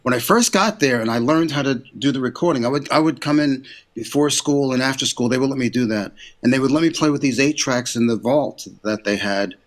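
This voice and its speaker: An older man, an interview guest, telling career stories in a casual, animated way and acting out quotes in a raised voice. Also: mid-range voice, brisk. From United States. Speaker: interview guest, recording engineer and producer.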